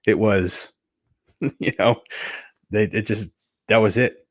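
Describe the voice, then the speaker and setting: A man's voice: lowish voice, steady tone, takes it slowly. A man co-hosting a casual podcast chat, laid-back and wry, sighing now and then. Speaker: podcast co-host.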